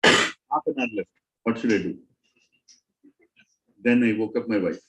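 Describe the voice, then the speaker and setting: A man giving a dramatic, animated storytelling talk to a spiritual group. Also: lowish voice, unhurried. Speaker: satsang speaker. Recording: roomy hall echo.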